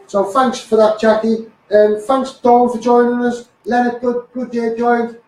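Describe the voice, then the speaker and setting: A man's voice: very high-pitched, completely flat delivery, measured pace, a little mellow, soft background music. A man with a Scouse accent ranting on a live stream, swearing, stumbling over repeated words and tagging lines with "mate" and "you know". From Liverpool, England. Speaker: activist livestreamer. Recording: echoey room, voice far from the mic.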